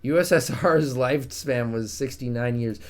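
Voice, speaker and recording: A man's voice: mid-range voice, moderate pace. Chatty young man streaming a strategy game. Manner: chatty, jokey, talks to chat. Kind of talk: casual live-stream commentary.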